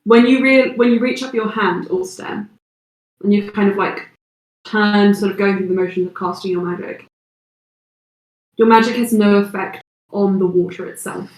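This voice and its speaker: A woman runs a tabletop game as game master, narrating the action in an unhurried, descriptive way. Her voice sits at a middling pitch. The recording carries a noticeable room echo. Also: steady tone, darkish tone.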